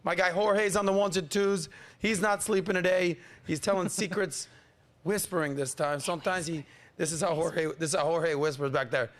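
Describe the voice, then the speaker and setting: A male podcast host with a fairly high voice and a hype-man energy. He talks in a loose, playful way, teasing the people around him as he runs the show. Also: steady tone, moderate pace, a little hiss or hum. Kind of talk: hyped-up casual podcast hosting.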